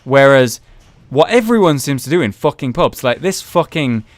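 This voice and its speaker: A young man giving casual commentary over his own gameplay, ranting with frustration, swearing freely and jumping to excited shouts. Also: medium pitch, moderate pace, no room sound. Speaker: gaming YouTuber commentating his own match.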